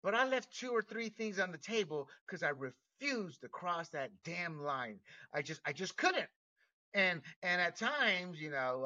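A man's voice: fairly high pitch, very animated, a little slow, sharp tone, far from the mic, highs cut off. A man hosting a talk show, giving blunt opinionated commentary with laughs and restarts. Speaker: podcast host.

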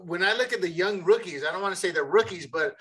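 A man co-hosts a sports podcast in a bright, slightly high voice. He halts and repeats words as he works out his point. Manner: halting, repeats words as he talks. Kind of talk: casual sports chat.

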